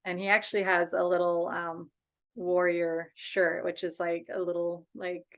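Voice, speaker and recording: A woman's voice: on the low side, flat delivery, measured pace, fairly bright tone. A woman speaking as a guest in a casual interview over a video call, earnest and outspoken, a bereaved mother and advocate.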